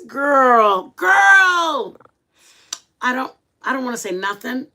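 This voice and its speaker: A middle-aged woman hosting a livestream, chatting casually with viewers and telling stories dramatically. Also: a little high. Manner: animated, chatty, dramatic storytelling. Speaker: livestream host.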